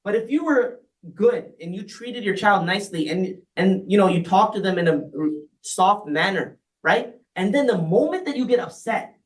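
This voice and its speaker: Male speaker with a high voice, heard from far off in a reverberant room, talking casually on marriage. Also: animated, moderate pace. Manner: conversational, often checks in with "right?". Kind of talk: community talk on marriage.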